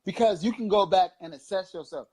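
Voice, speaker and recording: High-voiced man preaching with profanity. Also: brisk, darkish tone. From Long Beach, California. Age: 30s. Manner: impassioned, profane, rambling preaching. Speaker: co-host. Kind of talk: casual political chat show.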